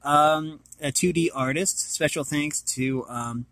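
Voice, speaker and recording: A man's voice: on the high side, slow, fairly bright tone, no echo. A man casually reading an art book aloud and commenting, hesitant and apologetic as he stumbles over names.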